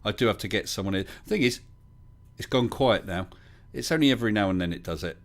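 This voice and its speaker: A man's voice: on the low side, expressive, fast. A middle-aged man from the south of England hosting a livestream, chatting casually, telling stories and reading viewer comments aloud. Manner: chatty storyteller, reads chat aloud. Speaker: livestream host.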